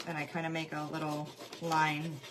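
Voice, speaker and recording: A woman's voice: sits low, completely flat delivery, normal speed, noisy background. A woman hosting a craft livestream, chatting casually with viewers and greeting them by name while she works, her voice going in and out.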